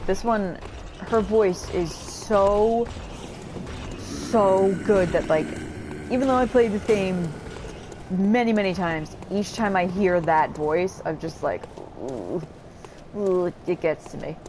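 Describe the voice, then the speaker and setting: A woman's voice: on the low side, a little mellow, slight background noise. A woman casually commenting while she plays a video game, chatty and apologizing to the characters. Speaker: gameplay streamer. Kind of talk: casual let's-play commentary.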